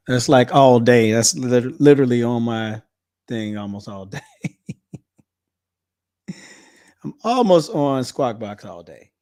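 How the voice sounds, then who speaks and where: An upbeat man hosts a live trading session, talking in a loose, playful, energetic way. He jokes with the people watching as he works through the charts. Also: mid-range voice, slow pace, long pauses. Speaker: trading stream host. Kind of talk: casual live-stream chat.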